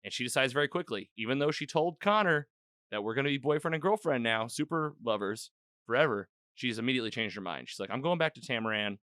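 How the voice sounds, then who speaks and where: A man's voice: mid-range voice, animated, quick pace, a bit bright, clear, resonant tone, no room sound, studio quality. A man hosting a podcast, casually recapping an episode in a loose, rambling way and acting out the characters' lines. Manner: loose and rambling, acts out quoted lines, lots of "like". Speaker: podcast host. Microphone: own podcast microphone.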